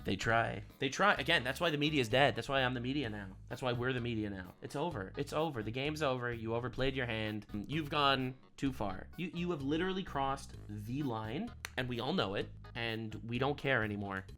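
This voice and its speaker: A man streaming a reaction to a video, ranting loudly and repetitively with plenty of profanity. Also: medium pitch, brisk, few pauses, faint music behind. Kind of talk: heated reaction commentary.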